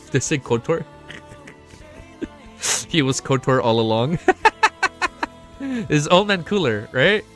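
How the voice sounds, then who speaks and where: An excitable man chatting on a casual livestream, his pitch leaping up and down as he talks. His voice is bright and forceful, and faint music plays underneath. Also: slow pace, pauses often. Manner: excitable, swears freely, jumps between high and low pitch. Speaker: livestream host. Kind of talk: casual stream chat.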